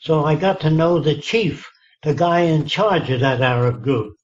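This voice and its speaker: A man's voice: a little high, a little slow, highs cut off. A man in his nineties telling anecdotes in an interview, acting out quoted dialogue with emphatic asides. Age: 90s. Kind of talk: storytelling in a relaxed interview.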